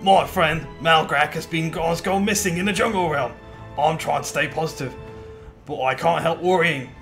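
A rough, down-to-earth guild master trader with a wealthy air, talking in a mixed Cockney-Australian accent, as a man puts him on. He speaks a little high and loud, drawing the words out slowly, with faint music underneath. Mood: worried. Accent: mixed Cockney-Australian put-on.

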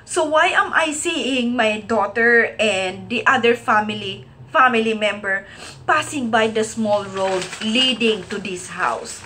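A woman's voice: on the high side, a little slow, pushed and bright, a little hiss or hum. A woman preaching an emotional sermon, earnest and tearful, crying as she speaks and at times dropping to a whisper. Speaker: Christian preacher.

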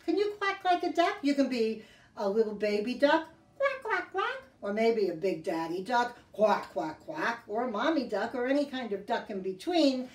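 A woman hosting a children's library storytime, talking to kids in a gentle, teacherly sing-song and reading a picture book aloud. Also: fairly high pitch, lively intonation, normal speed, far from the mic. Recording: echoey room, voice off-mic, guitar behind.

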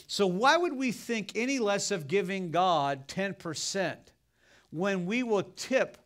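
A man pastor preaching a sermon, telling folksy stories in an animated way. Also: high voice, takes it slowly. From United States.

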